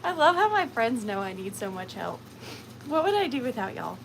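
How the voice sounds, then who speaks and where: Woman, livestream sale host, chatty and giggly, slightly high voice, faint hiss behind. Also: sing-song, normal speed, gravelly, fairly bright tone, poor audio. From Georgia, USA. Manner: chatty, rambling, laughs often, lots of fillers. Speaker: host of a live vintage and antique sale. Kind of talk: casual livestream chat.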